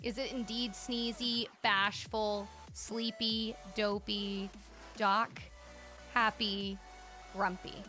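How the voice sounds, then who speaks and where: Touring player-made spaces in a game, a woman streamer gushes and thinks aloud with excitement. Her voice is medium-pitched and her pace slow, with faint music in the background.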